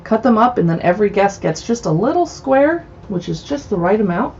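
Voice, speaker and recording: A woman's voice: mid-range voice, big pitch swings, fairly quick, darkish tone, lo-fi sound, a little hiss or hum. A woman hosting a casual cookbook livestream, reading recipe titles aloud and adding chatty asides. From US West Coast. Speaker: cookbook show host. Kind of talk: casual livestream book browsing. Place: home in a city.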